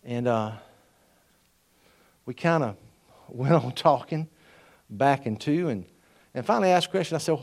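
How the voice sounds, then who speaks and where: A middle-aged man, preaching a sermon in a storytelling way that builds from quiet asides to loud, ringing appeals. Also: a little high, very animated, normal speed, long pauses. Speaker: pastor.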